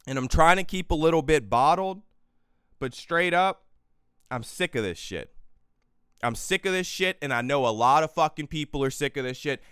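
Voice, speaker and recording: A man hosting a political livestream, tired and exhausted, swinging between quiet weary stretches and loud profane outbursts into a close microphone. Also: on the high side, expressive, moderate pace, clean tone, no echo. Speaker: livestream host. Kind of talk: impassioned political livestream rant.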